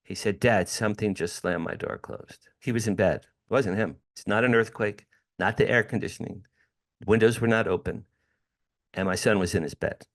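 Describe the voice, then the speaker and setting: Middle-aged male guest, lower voice, dramatic storyteller. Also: moderate pace. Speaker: interview guest. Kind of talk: telling a personal story.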